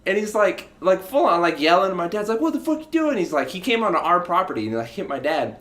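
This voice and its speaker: A young adult man co-hosting a podcast, telling a story in an animated, laughing way and swearing freely. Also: high voice, fast talker. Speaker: podcast co-host. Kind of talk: casual storytelling chat. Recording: echoey room.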